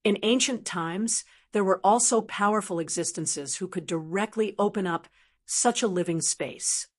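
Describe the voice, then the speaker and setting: A woman voicing a confident male martial sect elder in an audiobook, speaking in a measured, explanatory way. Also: mid-range voice, lightly acted.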